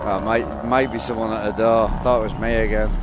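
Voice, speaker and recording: Man, North East England accent, casual streamer chat, quick slurred muddy speech, loud truck and road noise behind. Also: on the low side, little pitch movement. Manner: talks quickly and slurs his words, muddy voice.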